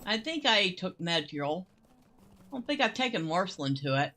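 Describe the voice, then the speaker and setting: A woman's voice: on the low side, very animated, bright, forceful tone, soft background music. A woman giving casual, chatty gameplay commentary as she plays, musing aloud as she goes. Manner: chatty and unhurried, muses aloud, laughs easily. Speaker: gameplay host.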